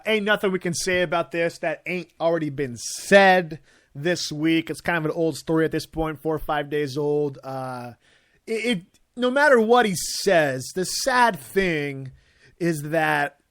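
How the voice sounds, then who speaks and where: Laid-back sports podcast man, dry sound. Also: no echo. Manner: loose storyteller, trailing off low. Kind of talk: casual sports talk.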